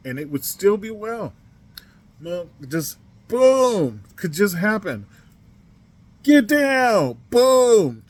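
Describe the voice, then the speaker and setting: A man from the United States hosting a podcast, talking on his own in a casual monologue, emphatic, spelling words out and swinging from quiet to loud. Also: medium pitch. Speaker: podcast host.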